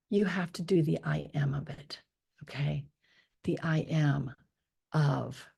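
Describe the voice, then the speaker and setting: A woman leading a guided meditation, speaking softly and slowly and often slipping into a whisper. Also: sits low, creaky, husky. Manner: slow, soft and drifting, often dropping to a whisper on affirmations. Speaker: spiritual teacher leading a meditation.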